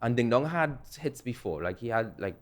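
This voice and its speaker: A man's voice: mid-range voice, sing-song, moderate pace. A young man, telling stories in a laid-back way as a music producer on a podcast, laughing often. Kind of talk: casual interview chat.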